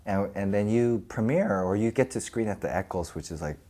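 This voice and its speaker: A man in his forties telling stories casually in a podcast interview, animated and laughing often as he acts out quoted voices. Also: lowish voice, fairly quick. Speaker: actor and podcast host.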